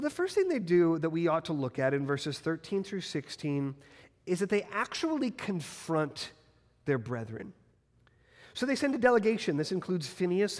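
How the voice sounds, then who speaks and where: In the church sanctuary, the pastor's sermon rings out with a lingering reverb. His fairly high voice rises and falls sharply as he presses his points, and he deliberately slows down to emphasize key words.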